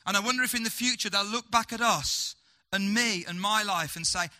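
His voice sits high as he preaches, posing rhetorical questions to the congregation. He alternates between loud, urgent lines and slow, hushed ones.

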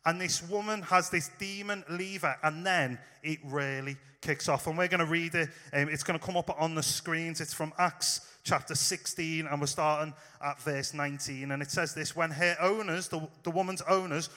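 A man's voice: fairly high pitch, fairly even intonation, normal speed, hardly any pauses, bright, forceful tone, big-room sound. A man preaching in a casual, storytelling way, talking straight to his listeners. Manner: informal, storytelling, direct address to listeners. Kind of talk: conversational sermon.

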